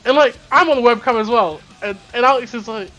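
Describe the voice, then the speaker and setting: A man's voice: very high-pitched, fast talker. A young man hosting a casual chat, rambling and swearing as he tells stories. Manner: rambling, swears a lot, animated storytelling. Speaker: podcast host. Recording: faint music underneath.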